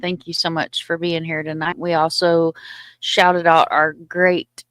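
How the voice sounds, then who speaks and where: A woman with a somewhat low voice chats loosely with her live viewers, sounding slightly winded. The sound is close and dry, with no room echo. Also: level tone, unhurried, a bit bright, clear, resonant tone. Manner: chatty and informal, talking to viewers. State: a little short of breath. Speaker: livestream host. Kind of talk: casual livestream chat.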